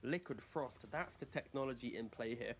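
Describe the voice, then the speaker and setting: A man's voice: medium pitch, normal speed. A man commentating on a match, explaining hero mechanics and strategy in detail. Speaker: esports commentator.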